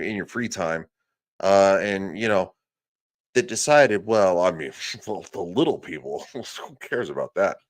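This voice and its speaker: A man hosting a podcast, loudly yelling and swearing through a political rant. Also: medium pitch. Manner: loud, profane, yelling. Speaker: podcast host. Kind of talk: ranting political commentary.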